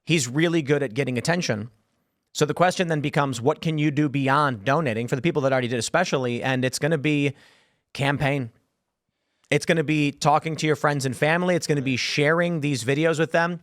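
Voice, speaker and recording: A man's voice: fairly high pitch, brisk, fairly bright tone, no echo, clean studio sound. Earnest man lecturing on a talk show. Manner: earnest, lecturing, many restarts. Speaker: host. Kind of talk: political talk show discussion.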